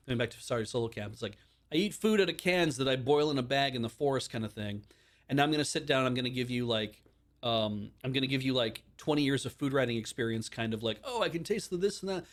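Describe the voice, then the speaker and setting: This live-stream host keeps up casual, rambling chatter with lots of animation. His voice is mid-range, and he slips into quick voices to act out lines of dialogue.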